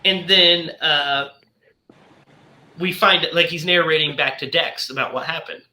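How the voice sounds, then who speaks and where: Male podcast host, bright and forceful, fairly high, animated plot recapper in an echoey room. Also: measured pace. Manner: animated storyteller who acts out the characters' lines. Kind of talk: casual movie discussion, retelling the plot. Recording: roomy echo.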